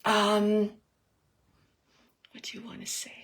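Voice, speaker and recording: A woman working as a psychic medium, giving a live reading in a soft, hesitant way, with many pauses, and repeating words as she relays messages. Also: medium pitch, completely flat delivery, breathy edge. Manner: repeats words and phrases for emphasis. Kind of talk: live spirit reading for an audience member.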